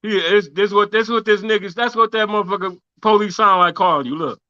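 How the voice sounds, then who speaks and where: A man's voice: high-pitched, brisk, pushed and bright, no room sound, highs cut off. A man co-hosting a podcast, joking and cutting in with profane remarks in casual chat. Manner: profane, jokey, interjecting. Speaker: podcast co-host.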